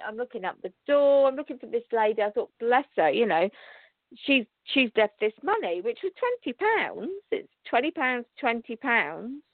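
A woman hosting a spiritual talk show, telling a story to her listeners in a chatty, excitable way with restarts and laughter. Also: a little high, no room sound. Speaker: show host and psychic reader. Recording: tinny phone-line sound.

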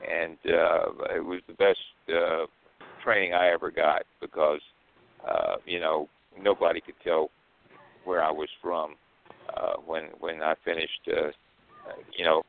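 Older southern man, very low voice, dry close sound, tinny phone line, casual storytelling. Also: creaky, no room sound. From American South. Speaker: co-host. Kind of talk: casual podcast chat.

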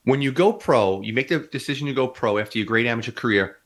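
A male podcast host asking questions in an excitable, chatty and emphatic way. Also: mid-range voice, quick pace. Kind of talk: casual interview questions.

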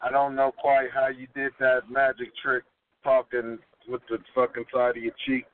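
A man's voice: medium pitch, monotone, moderate pace. A man hosting a podcast, chatting casually with a profane, rambling, laid-back delivery over a tinny, phone-like line. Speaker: podcast host. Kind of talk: casual chat.

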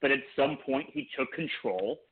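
A man's voice: mid-range voice, animated, normal speed. A man co-hosting a podcast in casual chat, rambling through long points with frequent restarts. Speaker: podcast co-host. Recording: tinny phone-like line.

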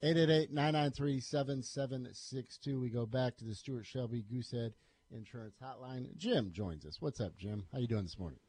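Husky-voiced man on sports radio. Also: mid-range voice, normal speed, a little mellow, no echo. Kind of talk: casual sports talk.

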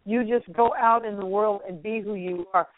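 A woman's voice: mid-range voice, fairly even intonation, moderate pace. A woman speaking as a guest radio host, effusive and encouraging in a spiritual, uplifting way. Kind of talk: inspirational phone interview. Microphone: phone. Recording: tinny phone line.

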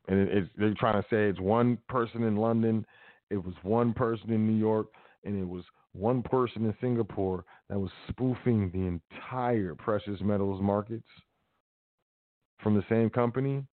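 A man's voice: lowish voice, no echo. A man hosting a casual talk show, reading news aloud and commenting with sarcasm and loose slang. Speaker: podcast host. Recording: tinny phone-like line.

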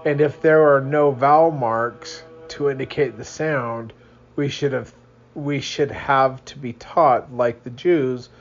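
A man's voice: mid-range voice, steady tone, slow pace, lo-fi sound. A young man reading a religious book aloud at home in the early morning, tired and yawning, drifting into rambling asides. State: sleepy.

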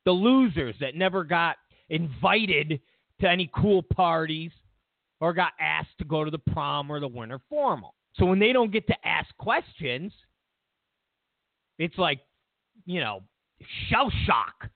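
Sarcastic, animated male show host. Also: on the high side, unhurried, vocal fry, no room sound. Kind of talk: casual political commentary rant. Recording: tinny phone-like line, dry.

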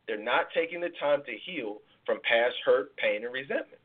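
A man's voice: mid-range voice, expressive, normal speed, husky. A man who hosts a podcast and works as a life coach, giving emphatic relationship advice, repeating words and explaining through analogies. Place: live podcast taping. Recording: tinny phone-like sound.

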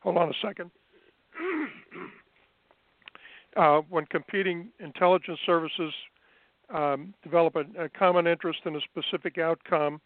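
A man as an interview guest, recounting his past in an unhurried, measured way with frequent fillers, heard over a phone line. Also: fairly high pitch, expressive, no echo. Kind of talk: remote interview, recounting experiences.

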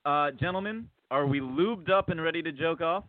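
A man's voice: fairly high pitch, normal speed, dry recording. A man hosting a casual podcast, asking his guests questions in a joking, teasing way. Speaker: host. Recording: dry phone-like sound.

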